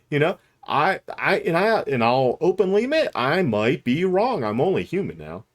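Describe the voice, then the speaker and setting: Middle-aged guy rambling to his camera, kinda high-ish voice, candid and a bit stumbly. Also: sing-song, normal speed. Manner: rambling and candid, with frequent restarts and laughs. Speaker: YouTube commentator. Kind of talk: unscripted talking-head commentary.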